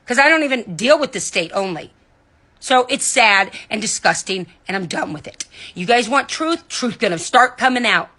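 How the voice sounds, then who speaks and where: Bright-voiced woman ranting angrily. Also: animated, normal speed. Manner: heated, indignant, cussing, swings between loud outbursts and low muttering. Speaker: vlogger. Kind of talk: angry ranting monologue. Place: at home in bed.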